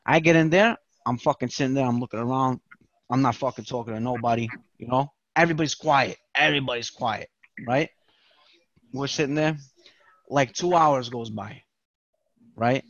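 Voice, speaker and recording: A podcast guest with a mid-range voice tells a long, profane story in casual chat at a normal speed, animatedly acting out the voices of the people involved. The recording is muffled, with no echo.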